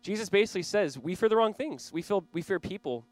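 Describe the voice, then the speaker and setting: Casting: male pastor in his thirties, slightly high voice, chatty, earnest sermon delivery. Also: expressive, quick pace, no room sound. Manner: conversational and earnest, with small laughs and restarts.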